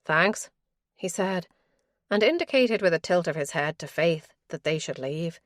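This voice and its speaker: Low-voiced woman narrating a thriller. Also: lively intonation, dry recording. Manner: measured, suspenseful. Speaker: audiobook narrator. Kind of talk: scripted audiobook narration.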